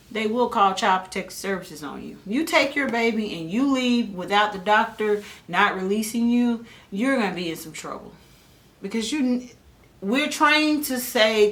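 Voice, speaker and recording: A woman, casually telling her own birth story on a family vlog, animated, and jumping her voice up when she imitates other people. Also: on the high side. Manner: animated, mimics others with a raised voice. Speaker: vlogger and mother.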